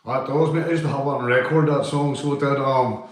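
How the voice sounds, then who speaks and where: A man's voice: mid-range voice, fairly even intonation, fairly quick, heavy reverb. A man chatting casually with stream viewers, rambling and swearing, with local slang. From Northern Ireland. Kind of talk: casual live-stream chat.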